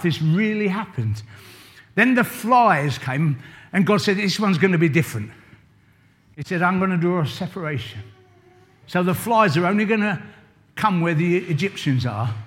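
An older man preaching an informal sermon, telling a Bible story in a chatty way and asking the congregation questions. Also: high voice. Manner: chatty, asks the congregation questions, varies loudness a lot. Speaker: church leader.

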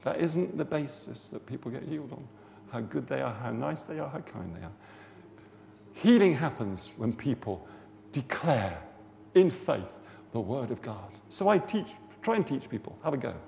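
In a long, reverberant hall with faint background noise, a male preacher uses a mid-range, sing-song, slightly mellow voice with vocal fry at normal speed. He delivers a chatty, storytelling sermon on healing prayer that rises to fervent emphasis.

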